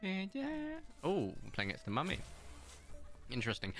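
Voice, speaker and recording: A man's voice: medium pitch, big pitch swings, moderate pace, bright, forceful tone, faint music behind. A man, hosting community games on a live stream and chatting casually in a rambling, anecdotal way. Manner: rambling and anecdotal, with many fillers.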